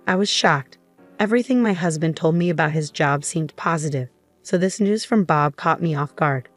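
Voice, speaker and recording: A woman narrating a first-person story in an even, composed way. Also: low-pitched, moderate pace, faint music behind.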